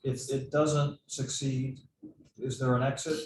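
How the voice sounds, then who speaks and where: A man's voice: medium pitch, level tone, unhurried, far from the mic. A man on a board asking direct questions in a meeting. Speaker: board member. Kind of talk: meeting discussion. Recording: echoey room, off-mic, faint noise.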